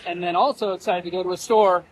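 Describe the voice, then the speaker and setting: High-voiced man chatting outdoors. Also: fairly even intonation, fast, poor audio. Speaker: sailing vlog host. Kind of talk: casual on-location vlogging. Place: outdoors in town.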